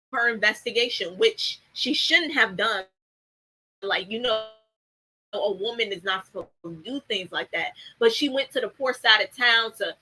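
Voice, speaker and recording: A woman's voice: fairly high pitch, pushed and bright, husky, poor audio. A young woman chatting casually about a TV show, blunt and full of fillers and swearing. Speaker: TV show commentator. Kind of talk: casual chat.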